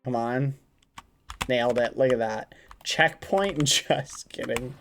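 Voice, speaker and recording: Excitable streamer talking to chat. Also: slow pace, soft background music. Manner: excitable, swings from groans to high shrieks; talks straight to chat, thanks viewers. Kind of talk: casual live-stream gaming chat.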